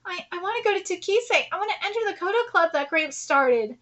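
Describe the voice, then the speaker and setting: A woman's voice: very high-pitched, expressive, quick pace, a bit bright, dull audio. A woman streamer reading manga aloud and reacting live, emotional and near tears, with laughing asides.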